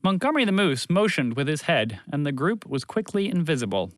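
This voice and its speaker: A man narrating a children's story in an animated, expressive reading. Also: on the high side, fairly quick, no room sound.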